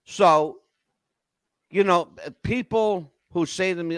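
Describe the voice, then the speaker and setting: An older man hosting a podcast, telling animated stories in an emphatic way and checking in with "okay?" as he goes. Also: fairly high pitch, moderate pace, smooth, no room sound. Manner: emphatic, keeps asking "okay?". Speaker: podcast host. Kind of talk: animated storytelling chat.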